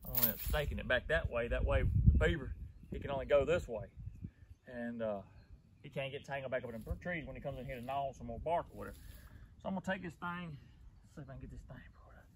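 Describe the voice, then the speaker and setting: A man's voice: mid-range voice, quick pace. A middle-aged man with a Mississippi Southern accent, rambling folksily to viewers while setting beaver traps outdoors on a farm. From southern United States. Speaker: trapper vlogger. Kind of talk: casual outdoor vlog. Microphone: phone on a tripod. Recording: noisy outdoor phone recording.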